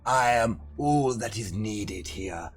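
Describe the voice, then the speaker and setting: A man voicing a pompous, self-proclaimed almighty male psychic who speaks slowly and grandly, flirting. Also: lowish voice, lively intonation, faint music behind. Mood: grandiose.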